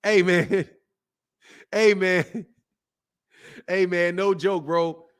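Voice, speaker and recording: A man hosting a boxing channel, talking casually to his camera in animated, slangy commentary with frequent laughter. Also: sits high, extremely slow, smooth. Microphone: camera mic.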